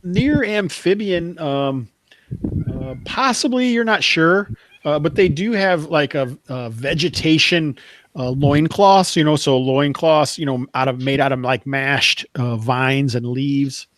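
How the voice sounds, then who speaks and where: A man's voice: fairly high pitch, unhurried, fairly bright tone, no room sound, rough recording. A man running a tabletop game as game master, describing the scene with frequent chuckles and fillers.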